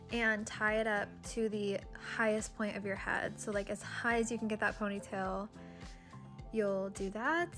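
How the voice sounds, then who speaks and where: A woman's voice: a little high, fairly bright tone. Chatty woman narrating her vlog. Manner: chatty, with fillers like "like" and "um". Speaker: vlogger. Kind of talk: casual voice-over narration.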